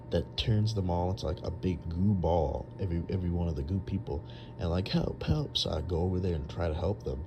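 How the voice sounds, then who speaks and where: A young man with a low, deep voice tells a long dream in a casual, rambling way. He stumbles through fillers and restarts as he goes. A faint ambient hum sits under the recording. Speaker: storyteller.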